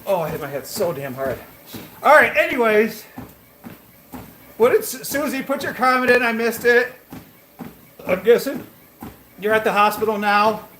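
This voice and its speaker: A man's voice: high voice, animated, moderate pace, long pauses, pushed and bright, slight background noise. A man running a fitness vlog, chatting casually and directly to his viewers while he works out. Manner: chatty, talks straight to viewers. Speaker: fitness vlogger. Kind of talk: casual live chat to viewers.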